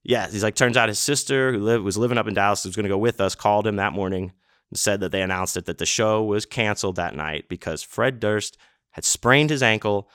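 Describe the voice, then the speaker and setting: A man with a fairly low voice hosts his own podcast and tells a meandering personal story. He talks casually, swears freely and leans on fillers. The sound is close and dry, with no room around it. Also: brisk, a bit bright, clean tone, no room sound. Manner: rambling, profane, lots of fillers. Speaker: podcast host. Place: home setup in a city apartment.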